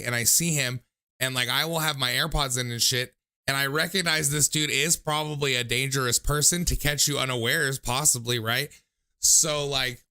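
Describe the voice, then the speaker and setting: Young male call-in host, rambling self-deprecating talker, fry-laden voice. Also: fairly high pitch, pushed and bright. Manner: rambling, self-mocking storyteller. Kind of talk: casual livestream call-in chat.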